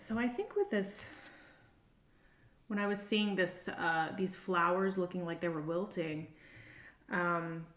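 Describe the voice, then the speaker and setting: A middle-aged woman giving a casual tarot reading to camera, chatty and meandering as she thinks aloud. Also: lowish voice. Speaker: tarot reader. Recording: roomy echo.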